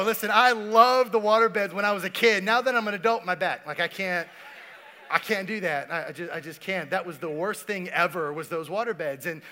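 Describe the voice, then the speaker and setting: A man's voice: sits high, pushed and bright. A man preaching a sermon, telling stories in a casual way and talking to the congregation. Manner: casual, storytelling, talks to the congregation. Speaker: pastor.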